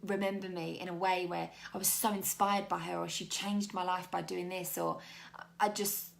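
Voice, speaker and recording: A woman's voice: fairly low pitch, flat delivery, moderate pace, gravelly. A young British woman, a life coach, talking candidly and chattily to her viewers in a motivational video. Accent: British English. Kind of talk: motivational talk to camera.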